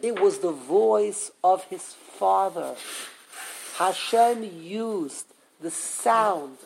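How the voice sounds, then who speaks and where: A man teaching a live Torah class, animated and full of questions to the students, often restarting his sentences. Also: sits high, very slow, creaky, slight background noise.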